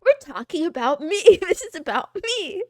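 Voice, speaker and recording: A woman's voice: extremely high pitch, big pitch swings, normal speed, darkish tone, no room sound, clean studio sound. Giggly, rambling young woman streamer. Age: 20s. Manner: rambling, giggly, self-deprecating. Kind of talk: casual livestream chat.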